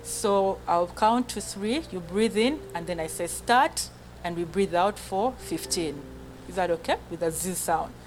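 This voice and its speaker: A woman's voice: on the low side, moderate pace, a little mellow, a little hiss or hum, low-quality recording. A woman leading a choir through breathing exercises, counting aloud, giving short commands and checking in often with "okay?". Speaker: choir vocal coach. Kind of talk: group breathing and singing lesson.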